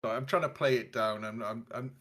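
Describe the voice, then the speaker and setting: A man's voice: medium pitch, fairly even intonation, a little fast, a bit bright. Casual male tabletop player. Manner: casual, playful, talking in character. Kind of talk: tabletop game talk.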